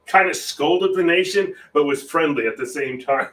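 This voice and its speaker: A man's voice: on the high side, slow, fairly bright tone, far from the mic. A man chatting casually while he paints on a livestream, rambling with frequent restarts and chuckles. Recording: roomy echo, voice a little off-mic, faint room noise.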